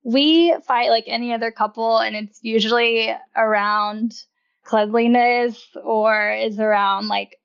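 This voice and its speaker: A woman's voice: a little high, steady tone, a little slow, creaky, clean tone, muffled recording. A young woman talking casually as a podcast guest, chatty and laughing often, with lots of "like" fillers. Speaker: podcast guest, wellness writer. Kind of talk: casual interview chat.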